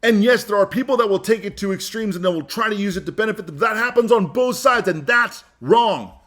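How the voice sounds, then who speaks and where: A podcast host speaks in a raised, fairly high voice that stays high throughout. He argues hard and emphatically, repeating phrases and restarting sentences as he presses each point. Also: brisk, fairly bright tone. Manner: emphatic, heated, repeats himself. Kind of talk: opinion monologue.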